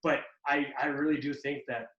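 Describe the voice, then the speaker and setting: A man's voice: on the high side, flat delivery, normal speed, a bit bright, lo-fi sound. Male podcast co-host, casual hockey chat, jokey interrupter, echoey room. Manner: joking, interjecting, laughs easily.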